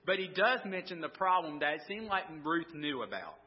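A man's voice: a little high, sing-song, moderate pace, highs cut off. A man preaching a conversational sermon, asking the congregation questions and often restarting his sentences. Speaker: pastor.

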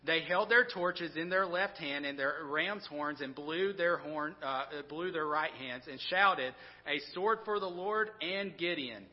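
A man in his thirties, a pastor preaching a sermon in a conversational, animated storytelling way with many restarts. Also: on the high side, measured pace. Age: 30s. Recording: dull sound with long hall reverb.

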